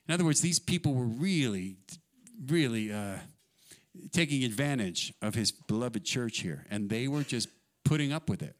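A man preaching a sermon, his voice sitting at a middle pitch. He reads scripture with rising, emphatic force. Then he slips into relaxed, joking explanation and quieter asides. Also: normal speed. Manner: mixes scripture reading with casual, joking explanation. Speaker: pastor.

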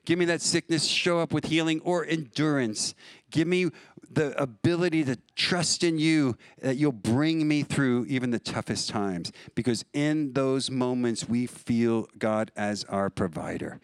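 A man's voice: mid-range voice, dry recording. A middle-aged pastor from New preaches in an easy conversational way. His voice sits in an ordinary middle register, and the sound is dry and close with little room around it. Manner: conversational, storytelling with laughs. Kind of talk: sermon.

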